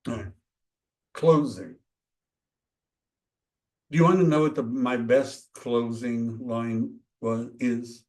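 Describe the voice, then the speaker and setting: A man teaching a real estate training, talking casually and acting out quick dialogues with homeowners. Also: medium pitch, a little mellow. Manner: conversational, acts out dialogues. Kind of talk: training talk.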